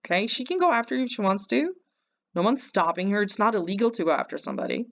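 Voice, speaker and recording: A woman's voice: mid-range voice, animated, quick pace, vocal fry, dull audio. A woman hosting a reaction video, mocking and insulting the person on screen with sarcastic commentary.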